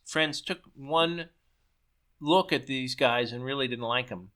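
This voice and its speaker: A man reading his own story aloud in a brisk way, sometimes stumbling and restarting a word. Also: mid-range voice, bright, forceful tone, smooth. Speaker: story reader.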